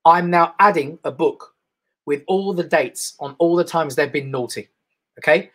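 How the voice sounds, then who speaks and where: Chatty English comedian with a bright voice. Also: male voice, a little high, measured pace. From England. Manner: chatty, rambling, mimics voices. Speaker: stand-up comedian. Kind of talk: live-streamed stand-up comedy.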